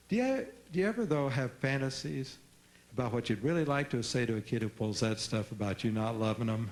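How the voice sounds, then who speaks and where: A man's voice: medium pitch, a little fast, echoey room, a little hiss or hum. A man giving a humorous parenting seminar who acts out dialogues and prompts the audience to answer. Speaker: parenting workshop speaker. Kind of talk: seminar talk with audience call-and-response.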